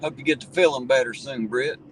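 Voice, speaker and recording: A man's voice: medium pitch, brisk. A man, hosting a casual livestream and reading viewer comments in a folksy, swearing, chuckling way. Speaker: livestream host reading chat. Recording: distant mic with loud traffic noise.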